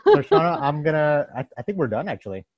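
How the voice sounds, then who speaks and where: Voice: medium pitch, wildly swooping pitch, fast talker, highs cut off. An interview host chatting casually and enthusiastically with a guest, laughing easily.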